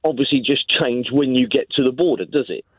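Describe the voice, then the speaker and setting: A man's voice: medium pitch, a little fast, breathy edge, no echo. A man calling in to a radio show, asking earnest, rambling questions. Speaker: caller. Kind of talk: casual phone call. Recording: tinny phone line.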